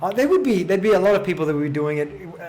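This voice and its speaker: A man co-hosting a podcast in casual sports chat, animated and rambling, laughing often. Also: high-pitched, very fast, slight background noise. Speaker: podcast co-host.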